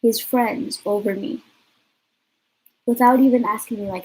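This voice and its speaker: A woman's voice: on the high side, fairly even intonation, unhurried, darkish tone, slightly rough, rough recording. A young woman vlogger telling a casual, rambling story, swearing freely and saying "like" often. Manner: rambling, profane, lots of 'like'.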